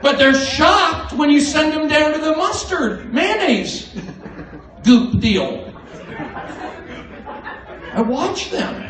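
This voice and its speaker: A man doing a stand-up comedy set in a comedy club, with a manic, erratic delivery that breaks into sudden loud outbursts. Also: extremely high pitch, expressive, slow, pauses often. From American Southwest. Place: comedy club main room. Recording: roomy, distant livestream audio with crowd laughter.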